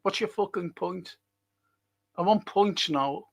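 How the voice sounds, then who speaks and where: A man's voice: high voice, takes it slowly, creaky. A man hosting a fan live stream, ranting angrily with heavy swearing and arguing with his chat. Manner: heated, heavy swearing, combative. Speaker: fan show host reading live chat. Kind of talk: angry live-stream rant.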